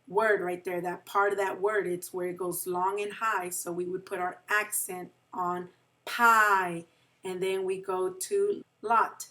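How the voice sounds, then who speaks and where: Slow, patient woman teacher, mic far off. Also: mid-range voice. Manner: patient, stretches out example words, keeps checking with "right?". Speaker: second grade teacher. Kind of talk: recorded phonics lesson for young children.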